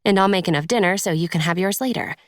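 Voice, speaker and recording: A woman narrator voicing a caring young female friend in an audiobook, speaking softly and reassuringly. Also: on the low side, quick pace, dry recording, clean studio sound, voice pushed up, close to an everyday voice. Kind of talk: audiobook character voice.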